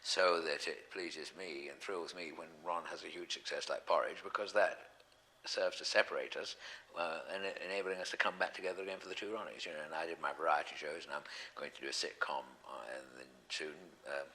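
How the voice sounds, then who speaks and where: A man's voice: rumbling low, fairly even intonation, fairly quick, pushed and bright, low-quality recording. A man, chatting as an interview guest, rambling with frequent ums and self-corrections. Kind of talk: relaxed anecdotal chat.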